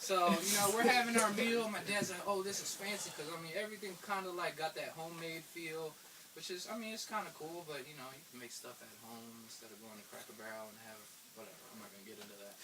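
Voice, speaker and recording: High-voiced young man telling a story, laughing. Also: fast, a crowd in the background. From Philadelphia area. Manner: laughs through his own story, mimics others. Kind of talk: casual anecdote told to friends. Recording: distant mic with loud background noise.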